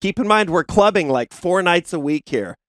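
A man's voice: moderate pace, no echo, clean studio sound. A man co-hosting a podcast, casually telling a wild story, laughing as he goes and acting out the people in it. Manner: animated storyteller, acts out quoted people with sudden high yelps; profane, laughs through his own stories. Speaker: podcast co-host.

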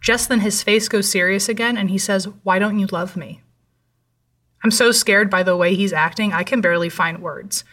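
A young woman narrating a first-person story in a steady, measured way. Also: medium pitch. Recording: voice slightly distant from mic.

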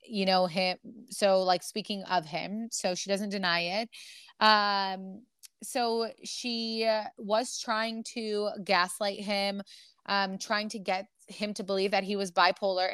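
A young woman hosts a gossip podcast and talks in an animated way, full of fillers and blunt swearing as she reads messages aloud. Her voice sits in a mid register. It is recorded close to the mic and dry, with no room sound. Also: mid-range voice, clear, resonant tone, no room sound. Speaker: podcast host. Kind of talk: casual gossip chat, reading texts aloud.

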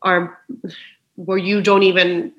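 A woman's voice: lowish voice, level tone, slow, muffled recording. A woman speaking as a podcast guest in a frank, emotional, personal conversation, swearing freely. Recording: roomy echo.

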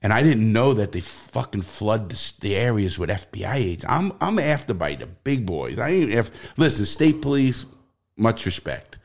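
Speaking at a moderate pace with a fairly low pitch, this middle-aged New Yorker is a podcast guest spinning stories. His manner is blunt, animated, and profane, with plenty of swearing in a casual interview style.

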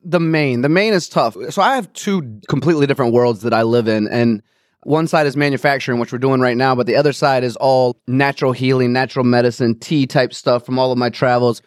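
A man's voice: mid-range voice, fairly quick, no room sound, studio quality. A man hosting a podcast in casual chat, talking easily and laughing often. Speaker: podcast host.

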